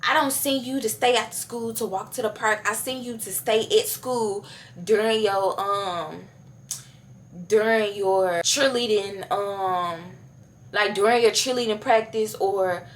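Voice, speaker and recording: A woman's voice: mid-range voice, fairly even intonation, measured pace, natural voice. A young woman retelling the words of her angry mother, who scolds and lectures. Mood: scolding.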